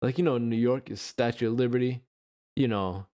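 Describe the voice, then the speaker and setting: A man's voice: medium pitch, warm tone. Young Californian man, loose rambling talk. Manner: rambling, swearing, drawn-out phrases. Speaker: friend in group chat. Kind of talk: casual chat.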